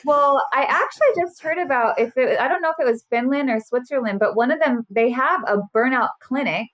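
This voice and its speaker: A woman's voice: sits high, brisk. A woman in her thirties, a burnout specialist, talking earnestly and animatedly as a podcast guest. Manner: earnest, animated, acts out quotes. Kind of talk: casual interview chat.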